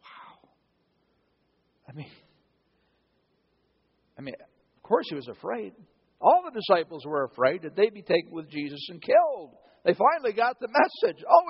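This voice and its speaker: A male pastor preaching with a high voice that swings widely up and down. He tells the story dramatically and acts out each quote. The recording is dull and lo-fi. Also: husky. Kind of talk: sermon.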